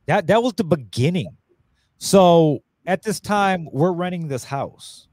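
A man's voice: on the high side, animated, measured pace, a little mellow, no room sound. A man casually telling a long crude story, full of swearing and voiced quotes.

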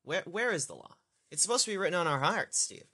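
Indignant objector put on by a man, high and loud, repeating himself. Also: lively intonation, fast talker, slightly rough, exaggerated voice. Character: indignant man demanding where the law is.

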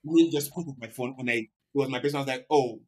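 Easygoing man with a husky voice. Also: medium pitch, very fast. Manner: easygoing and explanatory, sheepish when teased. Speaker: podcast co-host. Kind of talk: casual chat.

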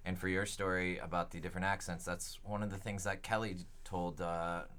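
A woman guest on a podcast, chatting casually and making wry, drawn-out remarks. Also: very deep voice, little pitch movement, fairly bright tone. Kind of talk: casual chat. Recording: crowd noise behind.

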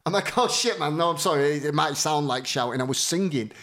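A man's voice: on the high side, a little fast. A man telling stories in casual chat as a podcast co-host, swearing and acting out the people in them. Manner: animated storytelling, swearing, acting out voices.

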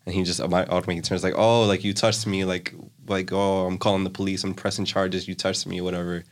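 A man's voice: sits low, level tone, quick pace. A young man casually retelling a story in a loose, rambling way, full of filler words. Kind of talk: casual chat.

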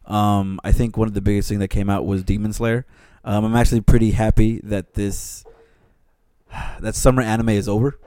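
A man's voice: on the low side, flat delivery, moderate pace, warm tone, clear, resonant tone, no room sound. A young man co-hosting a casual podcast, teasing his friends and swearing freely. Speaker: podcast co-host. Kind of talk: casual chat.

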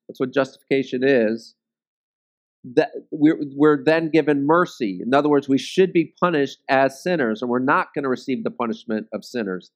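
Male Bible study teacher, mid-pitched, casual explanatory delivery with frequent check-ins. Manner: self-deprecating humor.

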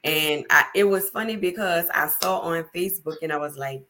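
A woman's voice: on the low side, fairly quick, hardly any pauses, pushed and bright. A woman hosting a podcast, talking casually and emphatically in a motivational, chatty way. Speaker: podcast host.

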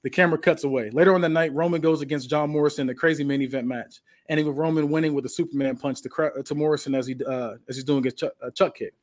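Casual male narrator, slightly high voice, loose recap delivery. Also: steady tone, quick pace, few pauses. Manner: casual, with restarts and fillers. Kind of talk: casual storytelling.

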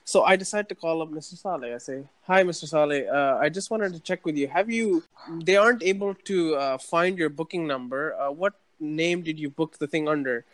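A young man in casual chat, telling an animated story about his university days and acting out the quotes. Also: a little high, fairly quick, hardly any pauses, no echo.

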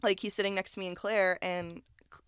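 Lively young woman telling stories. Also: medium pitch, a little fast, clean tone, no echo, clean studio sound. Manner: animated storytelling, laughs often, acts out quotes. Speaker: podcast co-host. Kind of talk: casual chat.

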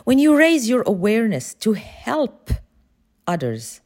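A woman, a former pharmacist, giving a motivational talk with expressive, emphatic storytelling. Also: on the high side, unhurried.

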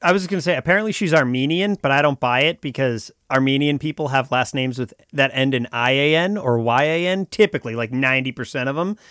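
A man's voice: medium pitch, fast talker, few pauses, a bit bright, smooth, no room sound. A man in casual chat about a TV show, making dry, nitpicking asides. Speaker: podcast co-host.

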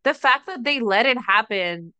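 A young woman with a bright, crisp voice, swearing freely as she tells a story on a podcast. She acts out other people's lines with lively energy. The sound is dry and close to the mic. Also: on the high side, normal speed, dry recording. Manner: animated, profane, acts out quotes of others. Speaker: podcast co-host. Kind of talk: casual storytelling chat.

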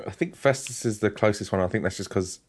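Low-voiced laid-back podcast co-host. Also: male voice, quick pace, husky. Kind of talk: casual chat.

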